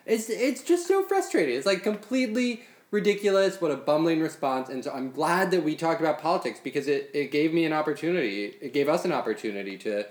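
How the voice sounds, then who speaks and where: A man's voice: a little high, expressive, quick pace, hardly any pauses. Man, podcast co-host, easygoing and wry, recorded in a slightly roomy space. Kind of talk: casual podcast chat.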